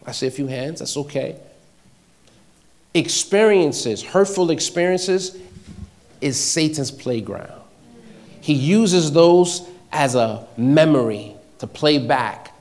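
A man preaches a sermon in a mid-range voice at a slow pace, repeating short phrases. He swings between loud exhortation and hushed, almost whispered passages.

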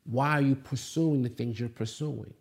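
A male pastor in the middle of a sermon. His voice sits at an ordinary pitch. He drives his points home with repeated questions and sudden emphatic slowdowns. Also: fairly even intonation, gravelly, a little mellow. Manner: preaching with rising emphasis and repeated rhetorical questions.

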